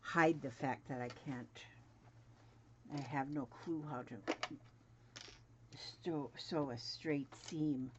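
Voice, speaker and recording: A woman's voice: extremely low pitch, slow pace, pauses often. A woman in her seventies chatting casually and muttering to herself while she sews at home. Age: 70s. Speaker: crafting vlogger. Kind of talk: casual sewing demonstration. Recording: dull lo-fi home recording, faint noise.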